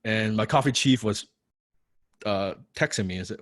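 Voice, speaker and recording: A man's voice: on the low side, moderate pace, no room sound. A man coaching a live online class, blunt and profane, repeating key lines and often asking "right?". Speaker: copywriting coach.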